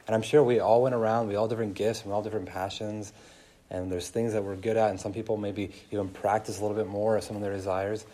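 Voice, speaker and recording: A young man preaching a sermon to a room, telling stories in an animated way with many asides. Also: fairly low pitch, quick pace. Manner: animated storytelling, laughing, lots of "like". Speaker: pastor. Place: room with an audience.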